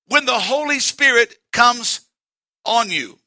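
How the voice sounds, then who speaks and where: A male pastor, preaching a sermon in church and quoting scripture with slow, emphatic stresses. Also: very high-pitched, lively intonation, sharp tone.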